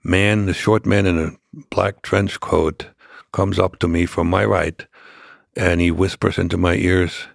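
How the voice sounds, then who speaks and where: An older man with a low, gravelly voice and little pitch movement tells a story as an interview guest, speaking haltingly with many restarts and fillers. His first language is German, and the recording is clean studio sound with no room tone.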